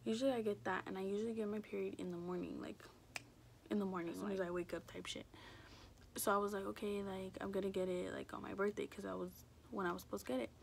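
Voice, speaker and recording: A young woman telling a personal story in a casual, rambling way, filling every pause with "like" and swearing freely. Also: mid-range voice, steady tone, creaky, a little hiss or hum. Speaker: vlogger.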